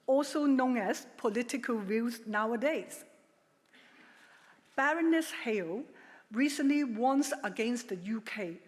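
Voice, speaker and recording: A middle-aged woman giving a formal prepared speech at a legal ceremony, measured and emphatic with a touch of dry humor. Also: high-pitched. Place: large ceremonial hall. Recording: long hall reverb.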